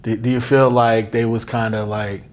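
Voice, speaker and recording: A man interviewing a guest, asking long questions with pauses and restarts. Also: medium pitch, flat delivery, a little hiss or hum. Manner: hesitant, many fillers and restarts.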